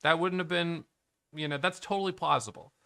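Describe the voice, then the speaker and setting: A man's voice: on the high side, fairly even intonation, fairly quick, gravelly, bright, forceful tone, clean tone, no room sound, clean studio sound. A middle-aged man, a day trading educator, candidly thinking aloud about his trades, questioning himself and restarting sentences. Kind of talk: reflective trading recap to camera.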